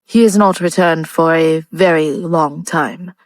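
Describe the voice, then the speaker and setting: A woman reading an audiobook, voicing a polite, halting household butler. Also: low voice, steady tone, no echo. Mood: hesitant polite. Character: anxious older butler, polite and hesitant.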